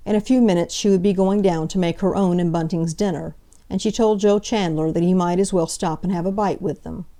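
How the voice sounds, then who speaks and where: A woman narrates a classic novel in a measured, even reading. Her voice sits low, with a mellow, dark tone. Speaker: audiobook narrator. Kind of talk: scripted narration.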